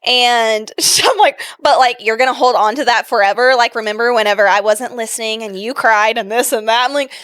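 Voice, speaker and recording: A woman's voice: fairly high pitch, brisk, few pauses, fairly bright tone, clean tone, no echo, studio quality. A young woman co-hosting a casual podcast, telling stories chattily and laughing often. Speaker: podcast co-host. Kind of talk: casual chat.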